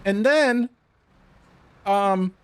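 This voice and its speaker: A man streaming a game, telling a story in a profane, animated way and often laughing at it. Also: high-pitched, extremely slow, smooth. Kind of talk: casual storytelling while playing.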